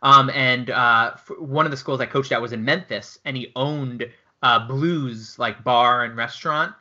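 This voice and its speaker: A man from Brooklyn hosting a casual chat, telling jokey, energetic anecdotes. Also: medium pitch, measured pace, muffled recording.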